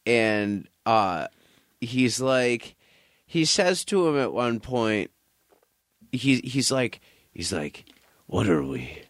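A man's voice: medium pitch, expressive, very slow, long pauses, no room sound, clean studio sound. A man chatting casually, blunt and sarcastic, swearing freely. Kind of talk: casual chat.

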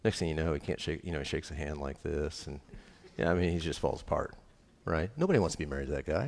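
A man's voice: extremely low pitch, lively intonation, quick pace, gravelly, few pauses, darkish tone. A middle-aged man preaching a sermon on marriage, emphatic and joking, repeating his key lines. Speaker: pastor.

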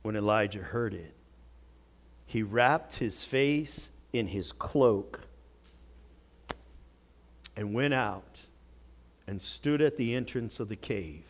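A man preaching a sermon, telling a Bible story with dramatic swings from loud outbursts to hushed words. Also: on the low side, animated, slow, pauses often. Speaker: pastor.

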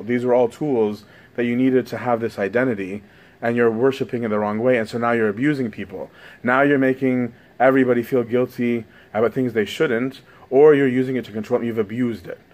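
A man's voice: medium pitch, darkish tone. A man giving a conversational sermon, often asking "right?" as he goes. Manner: conversational, frequent "right?" tags.

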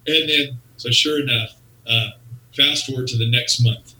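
A man's voice: medium pitch, moderate pace, slight background noise. A man, a wrestling promoter, animatedly telling a story in an interview and acting out the people in it. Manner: animated storyteller who acts out quotes. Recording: roomy sound, distant from the mic.

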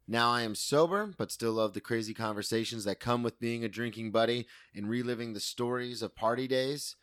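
A man hosting a casual podcast interview, easygoing and quick with interjections. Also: medium pitch, fairly bright tone, no room sound, clean studio sound. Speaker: podcast host.

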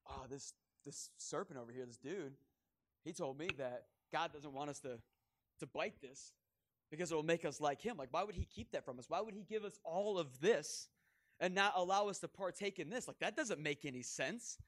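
A man's voice: a little high, moderate pace, fairly bright tone. A man voicing Eve, a young woman, casual and puzzled.

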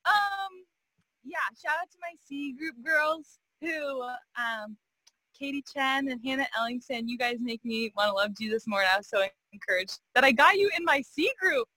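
A young woman on a video call gives affectionate thanks to friends in a soft, unhurried way. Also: sits high, expressive, no echo, poor audio. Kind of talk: heartfelt casual tribute.

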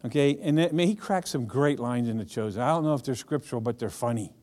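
A man's voice: mid-range voice, fast, a little mellow. A man preaching a casual, conversational sermon, chatty and humorous, speaking directly to his audience.

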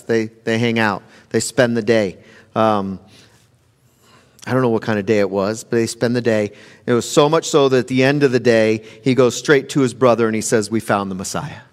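A man, a pastor, giving a conversational sermon, animated and repeating his phrases. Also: fairly low pitch. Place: church sanctuary. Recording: long reverb of a large hall.

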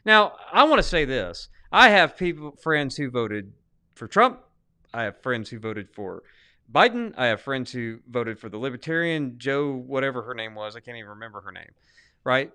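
In a relaxed podcast debate, a Southern US–accented man co-hosting the show talks with emphasis, frequently restarts his sentences, and lets his volume rise and fall lively. The voice is mid-range and clean, at a moderate pace.

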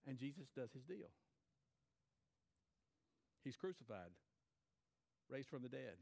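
A man's voice: mid-range voice, very animated, slow pace, creaky, darkish tone. A man preaching a sermon, retelling a story with repeated phrases and acted-out quotes. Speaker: pastor.

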